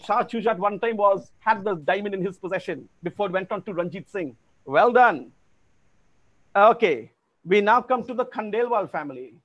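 A man's voice: high voice, lively intonation, moderate pace, dull audio. A man hosting an online family quiz over a video call, formal and polite, calling players sir. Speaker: quizmaster.

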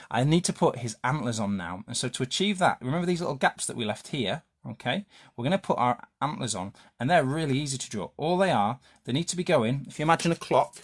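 A man's voice: medium pitch, a bit bright, husky. A man leading a live drawing lesson for children, chatty and playful, asking questions and making silly sound effects.

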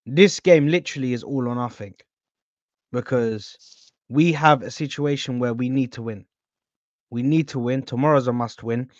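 A man's voice: mid-range voice, normal speed, no echo, highs cut off. Slangy young man hosting a stream. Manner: slangy, shouting out viewers. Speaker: host. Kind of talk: casual live-stream chat.

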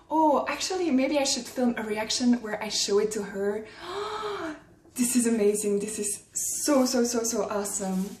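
Excitable woman in an echoey room. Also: on the high side, moderate pace, far from the mic. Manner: excitable, gasping, exclaiming. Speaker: vlogger. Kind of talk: casual unboxing vlog. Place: room at home. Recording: roomy, from the mic, faint noise.

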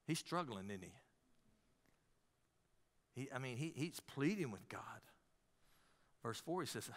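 A man's voice: mid-range voice, big pitch swings, slow, long pauses, fairly bright tone, big-room sound. A man pastor preaching a sermon in a conversational way, calling out to the congregation.

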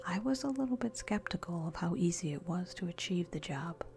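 A woman narrating a scary story in a soft, steady whisper. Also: fairly low pitch, fairly quick, creaky.

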